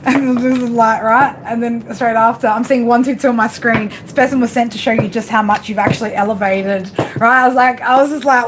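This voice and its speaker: Woman on a live tarot stream, kinda high voice, chatty, swears a lot, laughs a bunch. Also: fairly even intonation, normal speed, background noise. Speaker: tarot reader doing live readings. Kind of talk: casual live-stream chat.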